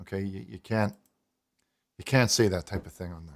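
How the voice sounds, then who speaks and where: A man's voice: deep voice, moderate pace, creaky, very noisy. A man hosting a live call-in talk show, chatting casually and prompting his caller with questions. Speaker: talk show host, pastor.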